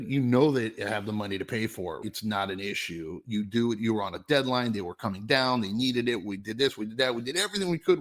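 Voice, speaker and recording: A middle-aged man, a podcast host, telling a story in casual chat, animated and cursing freely. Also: medium pitch.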